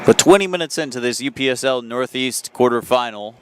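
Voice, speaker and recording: A man giving live soccer play-by-play commentary from an outdoor field, chatty and quick to correct himself. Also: mid-range voice, animated, slight background noise. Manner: chatty, self-correcting, apologetic asides.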